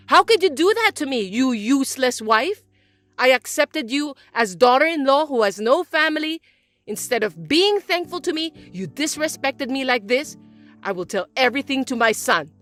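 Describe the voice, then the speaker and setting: A woman voicing a scheming, self-pitying older mother-in-law who talks in a shrill, accusing whine. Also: sharp tone, dry recording, heavily acted. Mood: scolding. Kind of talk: dubbed drama acting.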